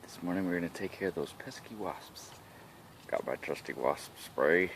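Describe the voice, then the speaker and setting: Man, very deep gravelly voice, playful dad in a home vlog, outdoor noise behind. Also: normal speed. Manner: playful, mock-heroic. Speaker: father, family vlogger. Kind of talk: casual family vlog. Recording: outdoor with clear background noise.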